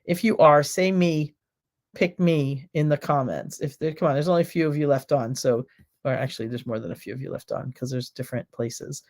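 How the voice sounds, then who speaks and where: A woman's voice: low voice, fairly quick, darkish tone. A woman hosting a casual home livestream, chatting and rambling directly to her viewers. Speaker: cooking show host. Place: home, by a back window.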